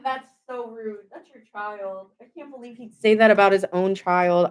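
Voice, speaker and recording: A woman's voice: medium pitch, steady tone, normal speed, hardly any pauses. Chatty, indignant woman tarot reader. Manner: emphatic, indignant, chatty with many fillers. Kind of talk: casual tarot reading to camera.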